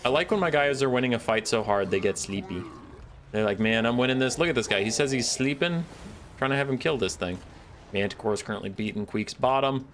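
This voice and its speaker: A man's voice: mid-range voice, lively intonation, brisk, a bit bright, a little hiss or hum. A man streaming a strategy game, giving casual running commentary on his moves, playful and self-deprecating. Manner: playful, mock-scolding asides, self-deprecating. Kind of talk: casual live gameplay commentary.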